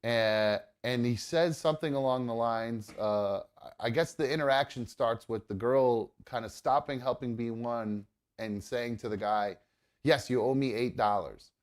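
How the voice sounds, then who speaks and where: A man's voice: medium pitch, measured pace. Man, talk-show host, casual, rambling, filler-heavy, mid-range voice. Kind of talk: casual storytelling on a live show.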